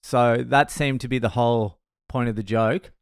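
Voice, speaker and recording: A man's voice: medium pitch, fairly even intonation, moderate pace, clean tone, no echo, clean studio sound. A man with an Australian accent, a comedian telling a crude, laid-back story. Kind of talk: storytelling podcast.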